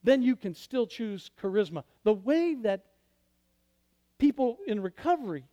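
A man preaching a sermon as pastor, swinging from loud declarations to hushed, quiet passages. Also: high voice, big pitch swings, a little slow, lo-fi sound. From Michigan.

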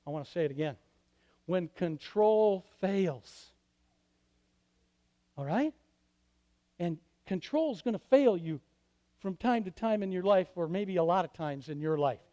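A man preaching a sermon as pastor, swinging from loud declarations to hushed, quiet passages. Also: high voice, expressive, moderate pace, lo-fi sound. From Michigan.

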